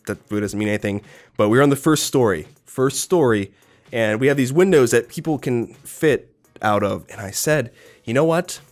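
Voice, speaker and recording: A young American man in his twenties answering viewer questions in a casual vlog, swearing often and throwing in animated asides. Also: medium pitch. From United States. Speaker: YouTube creator.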